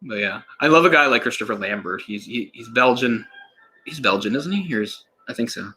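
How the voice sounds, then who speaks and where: Talking a little fast with lively intonation, a man gives casual, rambling commentary on a film, restarting sentences, laughing and occasionally cursing. The voice is medium-pitched, sharp and slightly rough.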